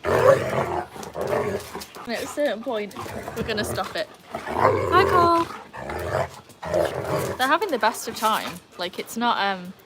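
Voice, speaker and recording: A woman's voice: a little high, big pitch swings, slow pace, pauses often, heavy background noise. A woman, chatting casually on a live stream, laughing often and greeting viewers by name. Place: outdoors by a pool with dogs. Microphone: handheld phone.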